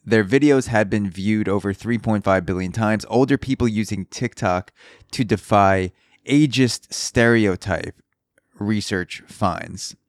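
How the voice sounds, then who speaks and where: A man's voice: on the low side, unhurried, no room sound, clean studio sound. A man hosting a casual solo podcast, riffing loosely and profanely on news stories from his apartment. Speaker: podcast host. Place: apartment in a city building, indoors. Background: construction drilling outside.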